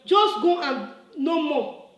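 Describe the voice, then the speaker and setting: A woman's voice: high-pitched, lively intonation, takes it slowly, echoey room, low-quality recording. A woman, delivering an impassioned, scolding video reply that repeats its points and builds to emphatic bursts. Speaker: church member making a video reply. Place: her room, indoors.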